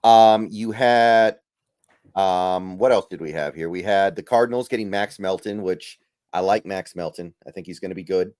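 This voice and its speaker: A man's voice: low voice, normal speed, darkish tone, clear, resonant tone, no echo, clean studio sound. A man hosting a casual podcast, easygoing and thinking aloud with trailing fillers as he runs through picks. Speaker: podcast host.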